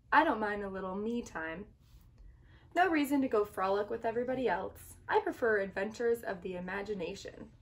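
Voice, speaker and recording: A woman teacher reading a picture book aloud in an expressive, sing-song storytelling voice. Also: medium pitch.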